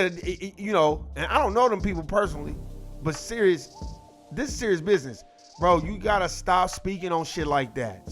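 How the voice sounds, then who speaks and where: A man with a high voice that swings wildly up and down delivers a cussing, irritated rant. He circles back over his points again and again. Faint music sits behind him. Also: a bit bright. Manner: irritated, cussing, repeats himself. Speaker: commentary host. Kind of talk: profane ranting commentary.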